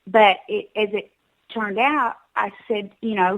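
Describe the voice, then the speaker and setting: A woman's voice: medium pitch, steady tone, unhurried, poor audio. A woman with a Southern US accent calling in to a talk show. She urges listeners emphatically and often stumbles and repeats her words.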